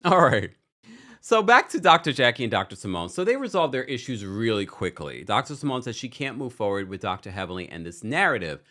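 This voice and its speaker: A man hosting a casual recap livestream, opinionated and chatty. His pitch swings up and down a lot as he reacts. He talks at a middle pitch, without strain. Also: sing-song, a little fast, bright, forceful tone. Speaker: recap show host.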